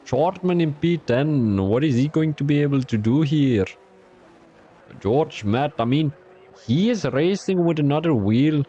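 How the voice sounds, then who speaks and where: A man's voice: medium pitch, warm tone, slight background noise. A young man from Belgium, giving chatty live-stream commentary on an online racing league and talking to his chat between calls.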